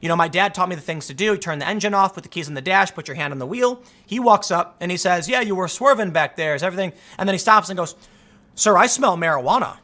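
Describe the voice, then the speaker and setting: A man with a high, bright voice tells a personal story in a loose, chatty monologue. He stays animated throughout and acts out the people in it as he goes. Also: fast, hardly any pauses. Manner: animated retelling, acts out the dialogue. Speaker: vlog host.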